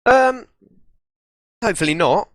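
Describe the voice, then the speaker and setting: A man's voice: high-pitched, expressive, a little slow, no echo. A young English man co-casting an esports match, hesitant and stammering with restarts. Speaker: esports co-caster. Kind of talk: live esports commentary.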